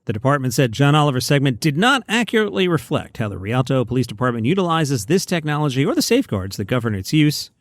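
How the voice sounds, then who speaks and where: Outdoors by a pool, a man from New York City with a Queens accent hosts a casual comedy news monologue, reading headlines with wry, sarcastic asides. His medium-pitched voice is sing-song and quick, with few pauses and no room sound.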